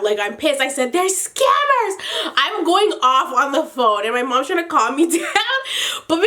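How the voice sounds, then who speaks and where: A woman with a fairly high voice tells a story to camera in a loose, casual rant. She swears freely, gets animated and laughs between lines. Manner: animated, profane, exasperated retelling. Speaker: storytime vlogger.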